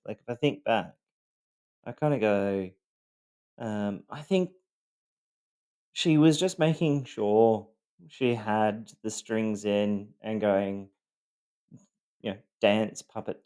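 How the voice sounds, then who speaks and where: A man's voice: mid-range voice, warm tone, clean tone. A man with an Australian accent, telling his own story in a loosely scripted monologue, rambling with many ums and a wry, self-deprecating edge.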